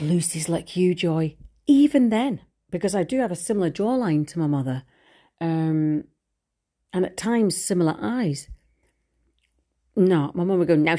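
A woman's voice: mid-range voice, dark tone. A middle-aged woman talking frankly and at length in a candid personal monologue, rambling and swearing casually. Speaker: vlogger.

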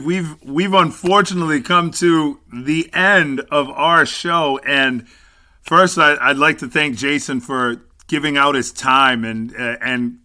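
Slow-talking guy hosting a podcast, bright sharp tone, measured, lots of yeps. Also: mid-range voice. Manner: slow, measured, frequent brief agreements. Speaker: podcast host. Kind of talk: casual interview.

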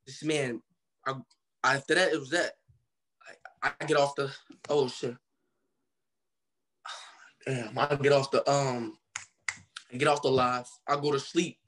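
A man's voice: medium pitch, fairly even intonation, measured pace, pauses often, fairly bright tone. Young Ohio man telling his story, slangy. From Cincinnati, Ohio. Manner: loose slangy storytelling, acts out quoted voices. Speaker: guest artist. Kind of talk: casual storytelling interview.

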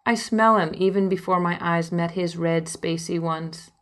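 A woman's voice: lowish voice, flat delivery, normal speed, a bit bright. A young woman reading her own memoir aloud, telling her story in an intimate first-person way, with emotional quoted lines. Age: young adult. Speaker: narrator and author of a memoir. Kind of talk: audiobook memoir narration.

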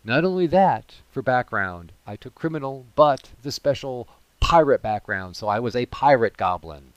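A man casually telling a funny story about his tabletop game character, animated, with comic asides. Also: medium pitch, normal speed, dry recording.

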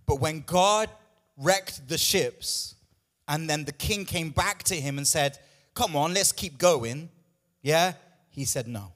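A man's voice: a little high, lively intonation, takes it slowly, a bit bright. A man pastor preaching a sermon with emphatic, repetitive lines, out of breath at times.

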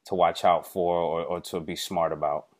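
A man hosting an interview, asking questions in a relaxed, conversational way. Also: low-pitched, normal speed. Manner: relaxed, conversational, checks in with "right?". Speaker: interview host.

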